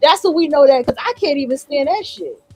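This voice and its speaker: A woman's voice: high voice, expressive, a little fast, music in the background, poor audio. A woman hosting a livestream, reacting to clips in a casual, outspoken and profane way. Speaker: livestream host.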